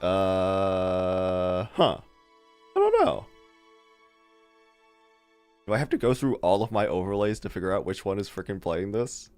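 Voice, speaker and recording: A streamer chatting casually with a live chat, animated and rambling, laughing often. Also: low-pitched, moderate pace, hardly any pauses, clean tone, faint music behind.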